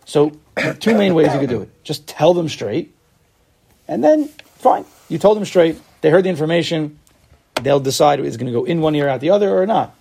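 A man teaching a casual Torah class, animated, acting out little dialogues and asking rhetorical questions. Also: on the high side, fairly quick, gravelly, slightly rough.

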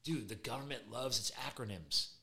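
A man's voice: mid-range voice, normal speed, vocal fry. A middle-aged man hosting a podcast, chatting casually and telling stories with energy and laughter. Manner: energetic, animated storytelling with laughs. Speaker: podcast host.

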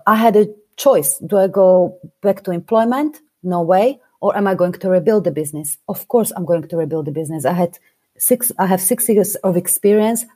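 A woman's voice: on the low side, dark tone. A woman speaking English with a foreign accent, a business coach giving emphatic interview answers point by point. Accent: non-native English accent. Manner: emphatic, builds points in numbered steps.

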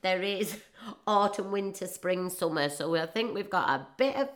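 A woman's voice: mid-range voice, moderate pace. A woman in her forties with a Northeast English accent, rambling through a jokey casual monologue and laughing often. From northeast England. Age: 40s.

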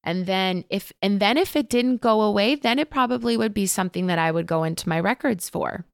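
A woman teaching about Akashic Records in a casual interview, talking gently and openly, telling stories with many fillers. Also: mid-range voice, a little fast, vocal fry, clean tone, no room sound, studio quality. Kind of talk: casual spiritual chat.

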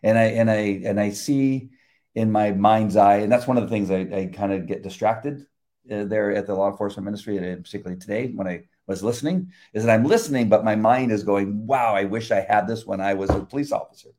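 An older man, a retired police officer, talking about faith in a halting, reflective way with many restarts. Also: fairly low pitch, a little mellow. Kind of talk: casual faith conversation.

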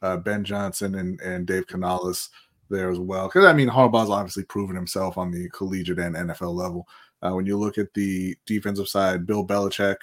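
A man's voice: deep voice, flat delivery, fairly quick. A man co-hosting a casual sports talk show, rambling with lots of fillers and restarts. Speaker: podcast co-host.

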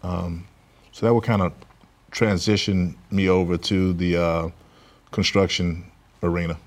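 A man from Louisiana, a construction business owner, answering interview questions with many hesitant pauses. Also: sits low, flat delivery. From Louisiana, USA. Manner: halting, many filler pauses.

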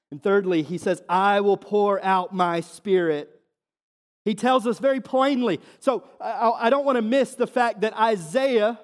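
A high-voiced man preaches a sermon with earnest drive, stumbling into restarts and filler words as he builds each point. On quoted scripture he slows and sinks to a soft, low murmur. His voice rings with the long reverb of a church hall. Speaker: pastor.

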